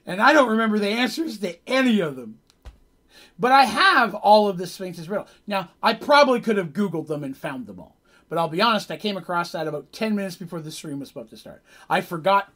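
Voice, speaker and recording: A man's voice: high voice, fairly bright tone. A man as game master, casually recapping his tabletop game on a stream, rambling a bit and laughing as he goes.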